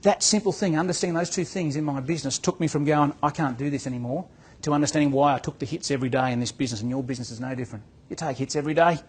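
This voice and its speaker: A man's voice: a little high, racing, few pauses, breathy edge. A man giving a motivational talk to real estate agents as a business coach, telling a story and acting out its dialogue. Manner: storytelling, acts out dialogue, repeats words.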